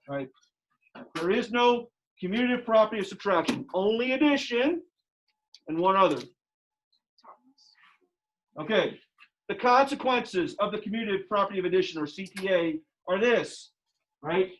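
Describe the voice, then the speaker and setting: A man's voice: high voice, expressive, normal speed, pauses often. A man teaching a math class in a lecture style, emphatic, repeating his questions to the students, a little out of breath behind a face mask. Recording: dull lo-fi classroom audio.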